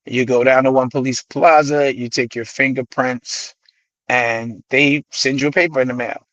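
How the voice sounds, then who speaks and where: A middle-aged man from the Bronx with a New York accent tells his stories as a guest in a dry, close-miked studio. His pitch sits in the middle, and he slips into the voices of the people he quotes. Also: normal speed, no room sound, highs cut off. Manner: animated storyteller who acts out quoted voices. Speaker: guest, hip-hop artist. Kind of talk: radio interview storytelling.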